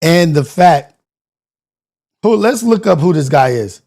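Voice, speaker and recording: High-voiced man ranting on a show. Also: measured pace, vocal fry. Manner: animated, slangy rant with rhetorical questions. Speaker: morning show host. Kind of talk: casual reaction commentary.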